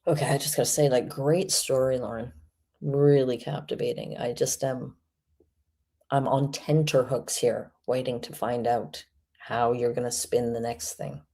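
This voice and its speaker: A woman's voice: extremely low pitch, fairly even intonation, measured pace, creaky, mellow. A woman hosting a stream, giving mocking, sarcastic commentary on a video clip. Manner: sarcastic, mocking, laughs often. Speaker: host reacting to a video.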